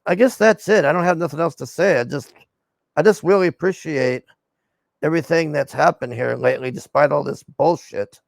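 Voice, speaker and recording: Gravelly, rambling male streamer. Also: a little high, no echo. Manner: rambling and laid-back, swears, many fillers. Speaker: streamer and show host. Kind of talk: casual chat to viewers.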